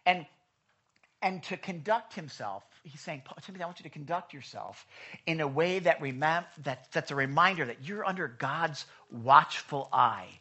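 A man's voice: a little high, sharp tone. A man preaching a sermon as a pastor, conversational and emphatic, with asides to the congregation in a church. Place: church sanctuary.

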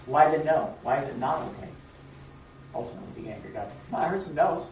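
A man teaching a Bible class to a group, lively and engaging, asking questions and affirming answers. He sounds distant from the mic, in a very echoey room. The sound is a bit dull. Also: mid-range voice, fast talker, a little hiss or hum. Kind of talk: interactive Bible lesson.

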